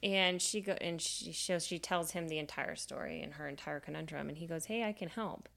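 A woman's voice: deep voice, steady tone, a little fast, gravelly, fairly bright tone. A young woman co-hosting a podcast, chattily retelling a myth with lots of fillers. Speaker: podcast co-host. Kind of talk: casual storytelling chat.

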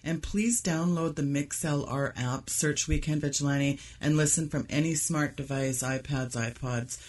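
A woman hosting a radio show, making a steady, announcer-like sponsor appeal and sign-off. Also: deep voice, measured pace. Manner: steady, announcer-like, direct to listeners.

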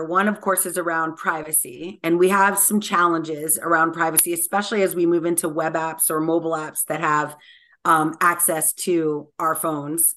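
Energetic, talkative woman guest. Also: on the low side. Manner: energetic and talkative, many "like" fillers. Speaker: guest technologist. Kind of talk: conversational podcast interview.

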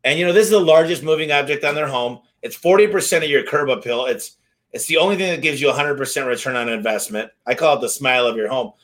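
A man who owns a service company, telling lively anecdotes in a casual interview and acting out the dialogue. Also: mid-range voice. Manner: energetic, fast-moving anecdotes with acted-out dialogue. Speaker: garage door company owner, guest.

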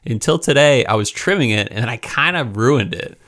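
A man's voice: medium pitch, lively intonation, a little fast, fairly bright tone. A young man co-hosting a casual podcast from a closet home studio, laid-back and hesitant with lots of fillers. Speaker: podcast co-host.

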